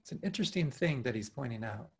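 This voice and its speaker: A man teaching meditation at an online retreat, speaking earnestly and with animation, often restarting his phrases and laughing softly. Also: medium pitch, expressive, fast talker, husky. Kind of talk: dharma talk at an online retreat. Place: home, over a video call.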